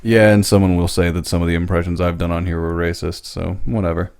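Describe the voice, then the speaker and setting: Man, low pitch, sarcastic, blunt, casual podcast chat, curses a lot. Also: level tone, fast, gravelly, a little mellow, clear, resonant tone. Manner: blunt, sarcastic, swears freely. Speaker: podcast co-host.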